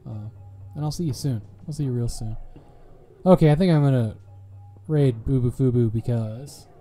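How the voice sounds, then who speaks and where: A man's voice: medium pitch, normal speed, mellow. A man with a Southern US accent streaming a game, chatty, laughing often and swearing freely. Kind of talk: casual live-stream commentary. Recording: game music playing behind the voice.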